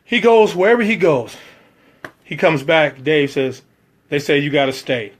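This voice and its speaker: A man's voice: a little high, unhurried. A man telling a personal story about working as a background actor, acting out the other people's lines in shifting voices.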